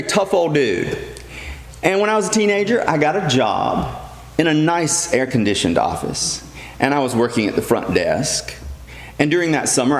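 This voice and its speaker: A middle-aged man preaching a sermon as a priest, earnest and emphatic, repeating key phrases. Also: mid-range voice. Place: church. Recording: echoey church hall with long reverb.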